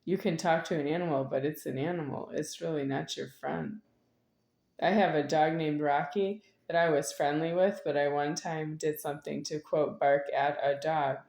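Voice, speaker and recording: Middle-aged woman, very low voice, rambling and repetitive delivery, echoey room. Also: fairly even intonation, moderate pace, gravelly, darkish tone. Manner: meandering, repetitive, with sudden laughs. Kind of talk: rambling spoken monologue.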